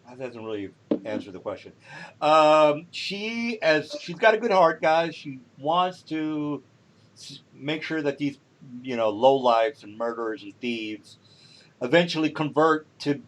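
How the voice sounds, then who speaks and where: A man running a tabletop role-playing game for his players, talking casually with many pauses and fillers. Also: a little high, lively intonation. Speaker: game master.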